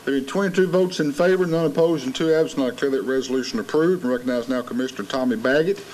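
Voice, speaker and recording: A man's voice: medium pitch, fast talker, darkish tone, slight background noise, low-quality recording. A man with a Southern American accent chairing a county commission meeting, calling votes in a formal, procedural way. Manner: formal, procedural vote calls.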